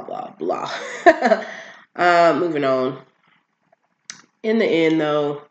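Slow-talking vlogger, casual show recap, filler-heavy, muffled lo-fi sound. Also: mid-range voice, gravelly. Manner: rambling, filler-heavy, acts out characters' lines.

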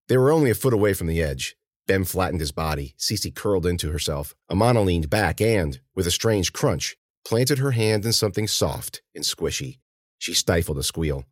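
A man's voice: sits low, lively intonation, normal speed, no room sound, clean studio sound. A man narrating an audiobook in a tense, dramatic way.

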